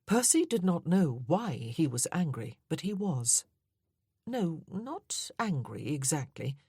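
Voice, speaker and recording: Slow, husky woman narrating. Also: low-pitched, big pitch swings, dark tone, no room sound, studio quality. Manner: measured, unhurried reading. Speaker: audiobook narrator. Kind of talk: scripted narration.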